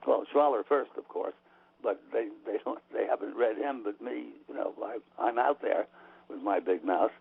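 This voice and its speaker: A man's voice: lowish voice, moderate pace, gravelly, slightly rough, dry recording. A man being interviewed on the radio, talking emphatically and opinionatedly with frequent restarts, heard over a tinny phone line. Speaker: author and guest.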